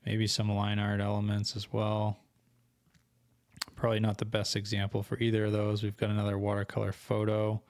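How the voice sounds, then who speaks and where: A young man talks through a tutorial on his screen, thinking aloud and catching his own slips. His voice sits low, with little rise and fall, and is going a bit hoarse. The sound is dry and close to the mic. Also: no echo. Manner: thinking aloud, casual, self-correcting. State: losing his voice. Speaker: co-host of an online selling channel. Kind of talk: screen-share tutorial walkthrough.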